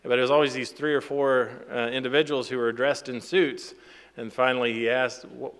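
A man's voice: medium pitch, little pitch movement, moderate pace, fairly bright tone, clean tone. Conversational male preacher in a reverberant hall. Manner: conversational, with fillers and laughs. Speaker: pastor. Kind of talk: sermon.

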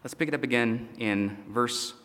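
A man's voice: medium pitch, normal speed, fairly bright tone. A pastor preaching and reading scripture in a conversational way, often checking in with his listeners. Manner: conversational, asides with "okay?" and "all right?". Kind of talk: sermon teaching. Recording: long hall reverb.

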